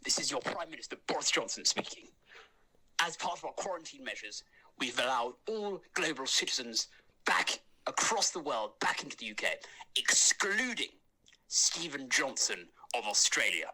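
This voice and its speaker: Husky bright pompous pm voice, stiff official tone, a guy doing an impression. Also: mid-range voice, very animated, moderate pace, full character voice. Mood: mock-official. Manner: pompous official address turning vulgar. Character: mock British prime minister making a crude announcement.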